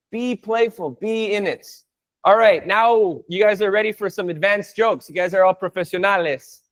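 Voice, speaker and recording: Playful high-voiced man teaching a class. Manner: playful, chatty, switches into Spanish to model phrases. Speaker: Spanish teacher. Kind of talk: live online class, explaining jokes.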